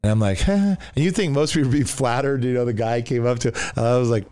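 A man's voice: mid-range voice, fast talker, clear, resonant tone, no room sound. A middle-aged man, a pastor, telling his testimony in a conversation and acting out the voices of the people in it. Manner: animated, acts out the voices of people in his story. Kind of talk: storytelling in a conversation.

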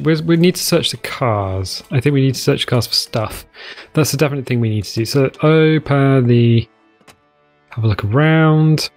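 A man giving casual, jokey commentary while playing a survival game, rambling through side remarks. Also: medium pitch. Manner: chatty, jokey, rambling asides. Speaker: let's play host.

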